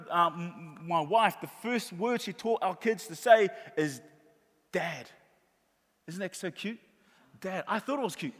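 A middle-aged man preaches a sermon in a fairly high voice, driving home each point by saying it again. His voice rings out through a large hall with a long reverb trailing behind his words. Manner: warm storytelling with emphatic repetition.

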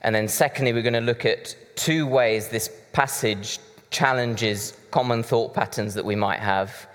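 Chatty preacher in a hall. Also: male voice, medium pitch, measured pace, fairly bright tone. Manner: conversational, chatty with asides. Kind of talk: sermon. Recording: reverberant hall.

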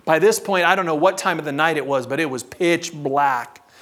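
A man telling a personal story in a sermon to a live audience. He is humorous and animated, and he varies his delivery a lot. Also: on the high side, moderate pace. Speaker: preacher.

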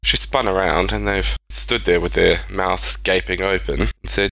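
A man's voice: deep voice, little pitch movement, normal speed, vocal fry, hardly any pauses, bright, forceful tone, dry recording, poor audio. A man, casually retelling strange stories as a podcast co-host, rambling with speculative asides. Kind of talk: casual storytelling chat.

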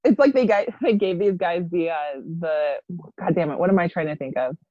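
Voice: medium pitch, animated, a little fast, dull audio, noisy background. A podcast co-host in casual comedic chat, mostly laughing along and chiming in with short remarks. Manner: laughs along, chimes in briefly.

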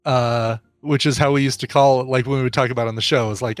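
A man co-hosting a morning podcast in casual chat, playful and joking as he pitches ideas. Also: fairly even intonation, fast talker, no room sound, soft background music. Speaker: podcast co-host.

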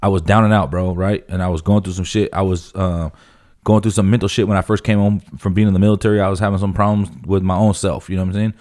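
A man's voice: low voice, fairly even intonation, quick pace, a little mellow. A man in his thirties from California, telling stories in casual podcast chat with lots of swearing and "bro". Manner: profane, emphatic storytelling, says "bro" constantly. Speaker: podcast guest.

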